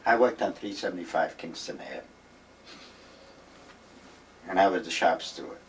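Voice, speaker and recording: Here an older man, interviewed in his retirement village home, tells old stories in a rambling, forceful way, voicing the dialogue himself. He has a deep voice with lively intonation at normal speed. The audio is poor, recorded from afar with slight background noise.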